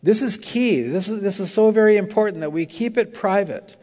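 A man's voice: sits high, brisk, a little mellow. A male pastor preaching a sermon in a conversational, storytelling way with light humor. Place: church. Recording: long reverb of a church hall.

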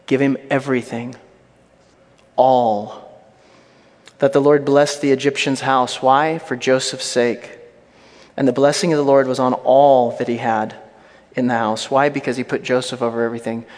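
Emphatic preacher in an echoing hall. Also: male voice, medium pitch, little pitch movement, moderate pace, long pauses, darkish tone. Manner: emphatic, repetitive exhortation; humorous asides. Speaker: pastor. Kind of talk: sermon. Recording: reverberant hall.

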